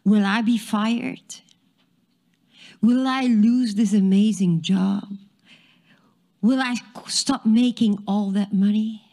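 A woman's voice: medium pitch, steady tone, slow pace, pauses often, dark tone. A woman voicing a worried father who frets in a string of anxious questions about losing his job.

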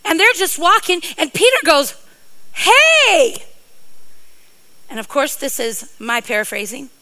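A woman's voice: sits high, big pitch swings, moderate pace, bright, forceful tone, poor audio. A middle-aged woman preacher giving a sermon, playful and joking, with rambling asides to her congregation.

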